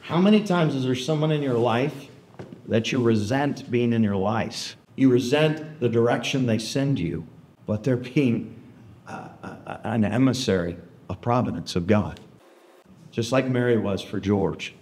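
A man, a historian, tells an animated story to an audience and keeps checking in with them. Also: mid-range voice, unhurried. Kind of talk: storytelling lecture. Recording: roomy hall echo.

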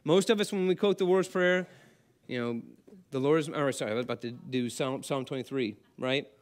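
A man's voice: medium pitch, a little fast. A man preaching a sermon as pastor, talking conversationally and asking the congregation questions.

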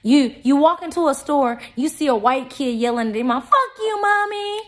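A young adult woman in an unscripted vlog monologue, talking in a blunt, profane and confrontational way, with loud outbursts and low asides. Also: brisk. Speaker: vlogger.

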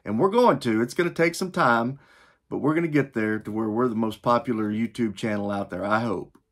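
A man's voice: medium pitch, fairly quick. Chatty man hosting a reaction video. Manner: chatty, plain-spoken, with dry sarcasm. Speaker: music reaction channel host. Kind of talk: casual chat to camera.

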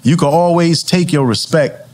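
A man's voice: fairly high pitch, normal speed, a little mellow. A middle-aged man from Brooklyn with a New York accent, talking as a guest on a casual chat show in a loose, streetwise way. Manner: laid-back, streetwise talk full of "you know what I'm saying". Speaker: guest rapper.

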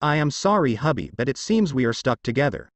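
A man's voice: mid-range voice, sing-song, fairly quick, no room sound, lightly acted. A man voicing a proud, defiant female goddess of love. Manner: haughty, defiant.

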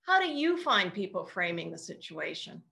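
A woman's voice: fairly low pitch, very animated, moderate pace, gravelly, sharp tone. A woman hosting a casual interview over a video call, asking thoughtful questions with frequent ums. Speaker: host.

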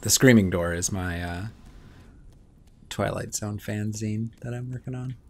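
A man's voice: on the low side, measured pace, a little mellow, slight background noise. A man giving casual, muttering commentary while playing a video game, swearing and talking to himself. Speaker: gameplay commentator. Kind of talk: casual let's-play commentary.

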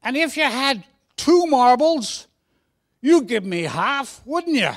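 A man voicing an eager young Cockney boy, in a put-on Cockney accent, pleading loudly. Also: very high-pitched, very animated, takes it slowly, pitched above the performer's own voice, exaggerated voice. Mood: wheedling.

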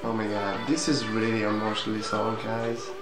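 A man's voice: lowish voice, level tone, normal speed, over loud music. A man hosting a reaction video in a casual style, exclaiming often and asking his viewers questions. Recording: echoey room with song playing behind.

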